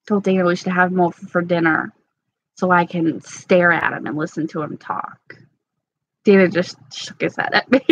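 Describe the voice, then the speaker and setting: Bright, bubbly New York woman. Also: on the low side, normal speed, husky, dry recording, dull audio. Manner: bubbly, giggly, rambling. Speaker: beauty vlogger. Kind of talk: casual live chat reading comments.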